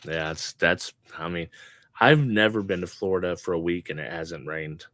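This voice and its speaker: A man's voice: deep voice, moderate pace, a bit bright, no room sound. A man co-hosting a podcast in casual chat, laid-back, mostly chiming in with short agreeing replies. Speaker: podcast co-host.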